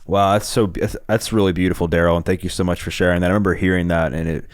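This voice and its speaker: A male podcast host with a deep, low voice that sounds smooth and clear. He is recorded dry and close, and speaks earnestly in casual chat, with lots of "like" fillers. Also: fairly even intonation, fast, no echo.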